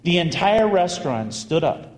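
A man, a priest, telling a story in a sermon in an animated, conversational way with bursts of emphasis. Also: high-pitched, moderate pace. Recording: echoey hall with long reverb.

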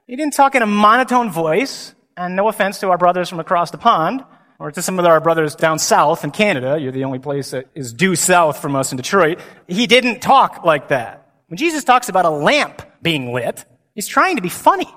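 Lively priest speaking in a big hall. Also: male voice, high-pitched, normal speed. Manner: dynamic, humorous, emphatic. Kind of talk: conference talk. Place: large hall. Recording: long hall reverb.

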